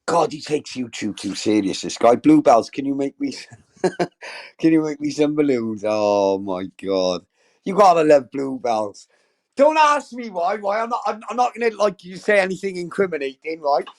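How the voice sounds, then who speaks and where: A man's voice: fairly high pitch, very animated, normal speed. A man hosting a casual livestream, talking straight to his chat in a sweary, effusive, rambling way. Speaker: livestream host.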